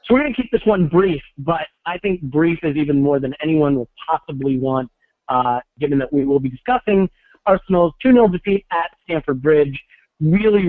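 A man's voice: a little high, no room sound. Wry male host on a tinny phone line. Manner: wry, self-deprecating. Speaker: podcast host. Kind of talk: casual podcast hosting. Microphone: phone call.

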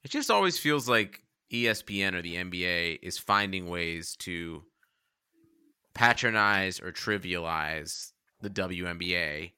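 A man with a very bright voice and a lively, swinging pitch co-hosts a podcast. He rants with indignation in casual chat. The sound is dry. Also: a little slow, clean tone, no room sound. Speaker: podcast co-host.

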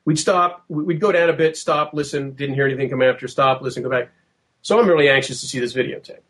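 A middle-aged man recounting an eerie encounter for a podcast, vivid and animated. He acts out the voices of the people in his story. His voice sits at an ordinary middle pitch. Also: quick pace. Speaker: podcast guest.

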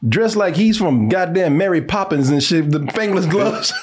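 A man's voice: high-pitched, lively intonation, moderate pace. A man trading loose, profane banter in a casual movie-reaction chat, laughing often. His voice sits a little above the usual male range. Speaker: co-host reacting to film clips.

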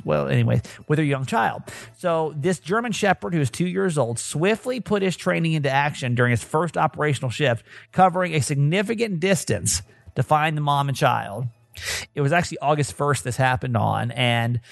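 A man's voice: mid-range voice, vocal fry, dry recording. A man hosting a casual podcast, rambling and self-mocking with many hesitations. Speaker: podcast host. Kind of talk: casual chat.

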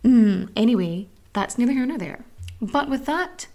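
A woman's voice: on the high side, lively intonation, moderate pace, mellow. An Irish woman hosting a podcast, chatting candidly and swearing freely. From Ireland. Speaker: podcast host. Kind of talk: casual chat.

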